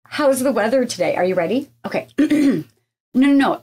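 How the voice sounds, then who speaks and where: Playful woman podcast cohost, kinda high voice, bouncy swooping delivery. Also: breathy edge. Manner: animated, playful storyteller, quick laughs. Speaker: podcast co-host. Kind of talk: casual chat.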